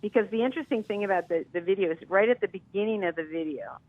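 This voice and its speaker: A woman from Milwaukee, a singer guesting on a radio interview, telling stories in a lively, chatty way. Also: medium pitch, fast, no echo, phone-quality sound. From Milwaukee, US Midwest.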